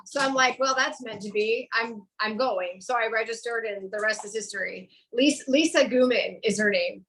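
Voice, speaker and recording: A woman co-hosting a casual podcast, talking in long, relaxed, rambling runs. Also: on the high side, normal speed, slight background noise, poor audio. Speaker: podcast co-host, Reiki practitioner. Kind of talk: casual chat.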